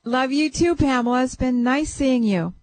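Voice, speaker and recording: A woman's voice: sits high, normal speed, a little mellow, dry recording. A woman hosting a radio call-in show as a psychic, chatting casually and breaking into whooping chants.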